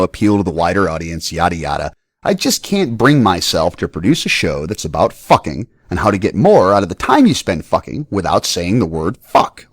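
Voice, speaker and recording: A man's voice: low voice, dry recording, studio quality. A middle-aged man hosting a podcast, giving a blunt, profane and playful scripted monologue. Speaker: podcast host.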